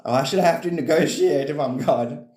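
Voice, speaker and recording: A man's voice: fairly high pitch, moderate pace, darkish tone. Guy rambling on a live stream about god stuff, swears, keeps laughing, echoey room. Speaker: livestreamer. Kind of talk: casual livestream chat on spirituality.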